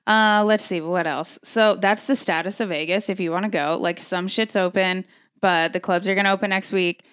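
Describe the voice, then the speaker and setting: A young woman co-hosting a casual chat, telling stories in an animated, profane way. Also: mid-range voice, moderate pace, clear, resonant tone, no room sound. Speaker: podcast co-host.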